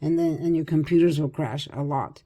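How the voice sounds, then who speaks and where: A woman's voice: deep voice, brisk, mellow. Chatty older woman tarot reader. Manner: chatty, repetitive, laughs often. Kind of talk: casual psychic reading monologue.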